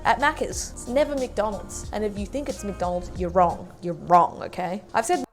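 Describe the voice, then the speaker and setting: A woman's voice: medium pitch, moderate pace, soft background music. A woman with an Australian accent, chatting playfully to camera and mimicking slang phrases. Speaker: YouTuber in a reacted clip. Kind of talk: casual vlog talk to camera.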